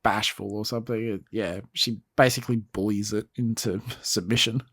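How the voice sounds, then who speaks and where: A man co-hosting a podcast in a relaxed, chuckling casual chat. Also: lowish voice, normal speed, husky, no room sound, clean studio sound. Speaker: podcast co-host.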